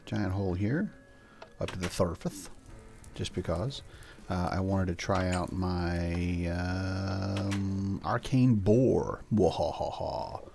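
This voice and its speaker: A man's voice: low-pitched, takes it slowly, vocal fry, dark tone. An older man hosting a gameplay video, chatting casually in a rambling way. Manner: rambling, chatty, coos at his pets. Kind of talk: casual let's-play commentary. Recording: faint background music.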